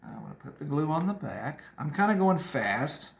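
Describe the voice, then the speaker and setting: A chatty man teaching kids an art project, his voice gravelly and full of lively ups and downs. He talks young viewers through each step in an echoey room. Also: a little high, normal speed. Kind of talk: casual art lesson demonstration for kids.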